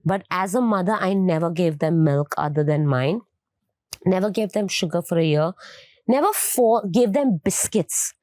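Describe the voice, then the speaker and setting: A woman's voice: lowish voice, moderate pace, dry recording. A middle-aged woman from India, a fitness trainer telling stories as a podcast guest, acting out the dialogue as she goes. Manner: animated storytelling, acts out dialogue. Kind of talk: casual interview talk.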